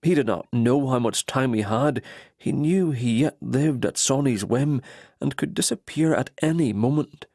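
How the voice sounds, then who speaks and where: A man narrating a romance audiobook in steady, even storytelling. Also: mid-range voice, moderate pace, creaky, dry recording, studio quality. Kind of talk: scripted narration.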